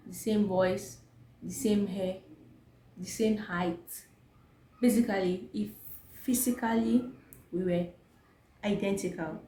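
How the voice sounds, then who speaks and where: A woman's voice: mid-range voice, steady tone, slow pace, pauses often, mellow. A young Nigerian woman with a Nigerian accent, talking emphatically to camera in her vlog and asking rhetorical questions. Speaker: vlogger. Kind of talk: opinionated talk to camera. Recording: echoey room, faint ambience.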